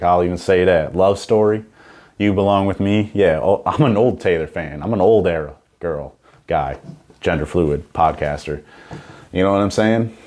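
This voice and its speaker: Hosting a comedy podcast, a young man rambles through a casual, profane monologue in a deep, somewhat mellow voice, repeatedly tossing in "you know what I'm saying."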